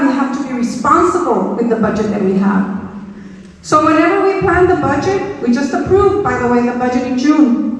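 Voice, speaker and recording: A middle-aged woman, a school superintendent giving a speech to staff in a large auditorium, emphatic and repeating her key points to the audience. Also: high-pitched. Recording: echoey auditorium, voice from far off.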